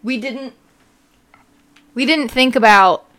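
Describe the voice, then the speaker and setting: A woman's voice: on the high side, slow, fairly bright tone. A young woman co-hosting a podcast, chatting casually with lots of fillers and laughter. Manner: giggly, rambling with fillers. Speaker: podcast co-host. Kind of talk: casual chat.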